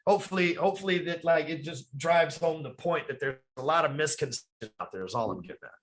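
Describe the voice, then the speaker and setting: A man's voice: a little high, fast, fairly bright tone. A man talking as a podcast guest from his office, emphatic and rambling, with plenty of swearing. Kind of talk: casual podcast conversation.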